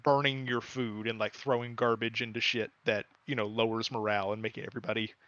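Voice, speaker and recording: A man's voice: medium pitch, little pitch movement, fast, fairly bright tone, no echo, highs cut off. A man streaming and chatting casually, explaining a game in long rambling runs full of fillers. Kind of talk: casual chat.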